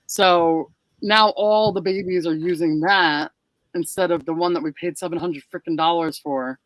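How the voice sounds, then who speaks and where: A man with a somewhat high voice chats casually. He jumps in with quick remarks. The recording is close and dry. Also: steady tone, fairly bright tone, no room sound, rough recording. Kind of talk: casual chat.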